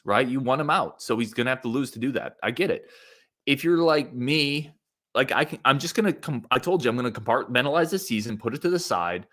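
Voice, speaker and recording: Running his sports podcast alone, a man with a medium pitch and fairly bright tone gives strong opinions in a casual way. He reads listener comments aloud, often starting his sentences over and using many fillers.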